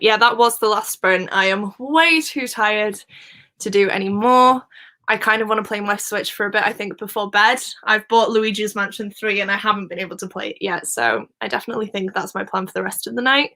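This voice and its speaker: A bright-voiced woman hosts a relaxed live stream from home. She chats away easily, laughing often as she reads viewer comments aloud. Her pitch sits in a middle range for a woman. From Wales. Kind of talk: casual live-stream chat.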